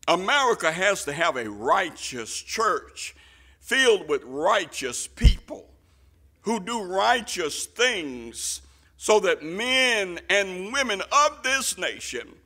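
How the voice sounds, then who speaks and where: A man preaching a sermon with passion, swinging from quiet asides to shouted lines, using folksy Southern turns of phrase. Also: high voice. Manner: impassioned, rising to shouts.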